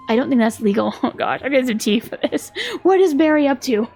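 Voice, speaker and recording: A woman's voice: high voice, fast, few pauses, warm tone, soft background music. A woman from Minnesota streaming a detective video game, reading its dialogue aloud with playful, giggly commentary. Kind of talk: casual let's-play commentary.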